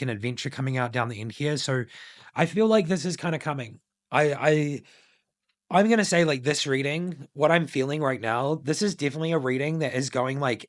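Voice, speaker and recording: Man, tarot reader, meandering casual talk, middle pitch, dry recording. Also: no room sound. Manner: meandering, many filler likes, intuitive musing. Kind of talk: casual spoken tarot reading.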